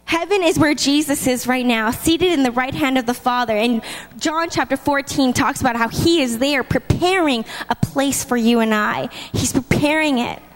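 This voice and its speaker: A woman preaching a sermon in a lively, chatty way. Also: high-pitched, moderate pace. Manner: lively, chatty, laughs between points. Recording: long hall reverb.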